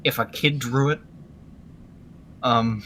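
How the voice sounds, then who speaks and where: Bright-voiced rambling podcast man. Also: mid-range voice, fairly even intonation, slow, a little hiss or hum. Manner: rambling, searches for words. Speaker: podcast co-host. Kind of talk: casual chat.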